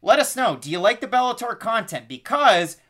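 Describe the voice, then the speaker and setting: A man's voice: very high-pitched, very animated, moderate pace, pushed and bright. Upbeat man co-hosting a fight podcast. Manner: upbeat promotional, quizzes the audience. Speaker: podcast co-host. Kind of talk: casual sports chat.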